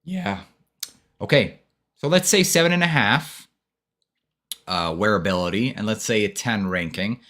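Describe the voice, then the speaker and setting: A man's voice: fairly low pitch, lively intonation, measured pace, long pauses, fairly bright tone. A man hosting a casual live-stream fragrance review, laid-back and friendly, talking to his viewers as bro and brother.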